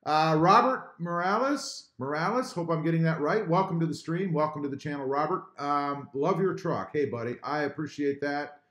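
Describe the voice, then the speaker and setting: Brief: lively man, somewhat high voice, live-stream host reading chat, echoey room. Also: moderate pace, few pauses. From Texas. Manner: animated, reads viewer comments aloud.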